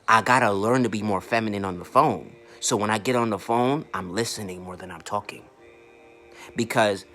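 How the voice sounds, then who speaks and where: An online marketing coach rants casually to the camera, blunt and profane, stumbling over repeated words. His voice sits on the low side and sounds pushed and bright.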